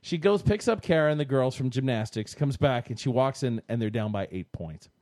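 A man co-hosting a casual sports talk show, telling stories in an animated way and acting out what people said. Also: medium pitch, a little fast, no echo, clean studio sound. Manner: animated storytelling, acting out quotes.

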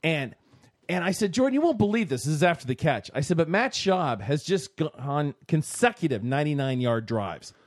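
Animated storytelling man, dry sound. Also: a little high, normal speed, no room sound. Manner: animated storytelling, acting out quotes. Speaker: sports talk co-host. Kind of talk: casual sports chat.

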